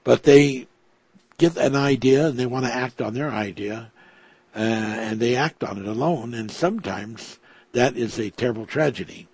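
A man telling a religious story slowly and hesitantly, with frequent restarts and stumbles over words. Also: medium pitch, darkish tone, breathy edge, no room sound. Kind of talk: slow reading of a story with commentary.

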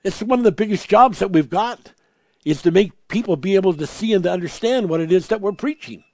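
Recorded in clean studio sound with no room ambience, a high-pitched man preaches an emphatic sermon. He repeats words for stress, reads scripture slowly, and swings between loud proclamations and quiet asides.

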